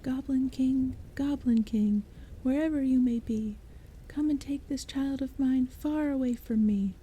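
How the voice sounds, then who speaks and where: In whispered role-play, a weary, exasperated teenage girl, as a woman puts her on speaks in a soft, hushed voice. It lifts somewhat above the reader's usual pitch and keeps a dark, mellow warmth. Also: a little slow, slight background noise. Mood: intoning.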